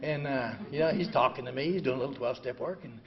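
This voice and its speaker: An older man in his seventies sharing his story at a recovery meeting. He is blunt and self-mocking, says "you know" constantly, and swings between quiet reflection and loud outbursts. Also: medium pitch, fast talker, background noise. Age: 70s. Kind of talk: personal recovery talk. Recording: dull lo-fi recording.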